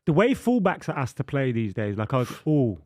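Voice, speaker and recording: A man co-hosting a football watchalong, dry and argumentative, dishing out deadpan corrections and telling off his friends. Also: medium pitch, brisk. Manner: dry, argumentative, mock-stern. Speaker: co-host. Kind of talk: casual football watchalong banter.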